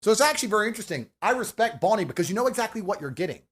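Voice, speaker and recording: A man's voice: high-pitched, sing-song, rapid-fire, slightly rough. Guy ranting on a podcast, swears a lot, voice swings up and down hard. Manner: forceful, ranting, profane. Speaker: podcast guest. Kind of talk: heated debate.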